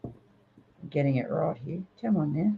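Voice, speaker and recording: A woman's voice: deep voice, animated, unhurried, vocal fry, a little hiss or hum. A woman hosting a casual live stream reading, chatty and blunt, swearing freely. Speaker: host and psychic reader. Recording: dull lo-fi live stream audio.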